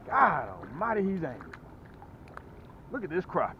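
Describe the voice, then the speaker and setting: Guy on a boat doing a fishing vlog, lively up and down voice, folksy, tinny phone-like sound. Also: on the high side, measured pace, long pauses. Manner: excitable, whoops when fish bite, folksy talk. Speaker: fishing channel host. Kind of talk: casual on-the-water fishing vlog. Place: outdoors on a boat. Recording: phone-like lo-fi audio with faint noise.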